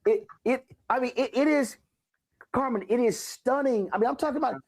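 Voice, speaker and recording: A man hosting a talk show and interviewing an author, telling stories with lively repetition for emphasis. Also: very high-pitched, brisk. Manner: animated storyteller, repeats phrases for emphasis.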